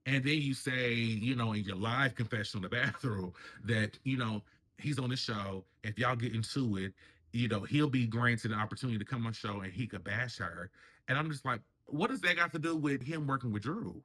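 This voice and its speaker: A man's voice: mid-range voice, brisk, fairly bright tone. A man hosting a casual reality TV review, chatting and acting out the cast members' lines in raised voices. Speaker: reality TV commentary host.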